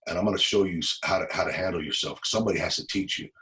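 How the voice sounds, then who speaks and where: A man quoting a huge, tough male gang member who is gruff but caring, in blunt street talk. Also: deep voice, racing, a bit bright, low-quality recording.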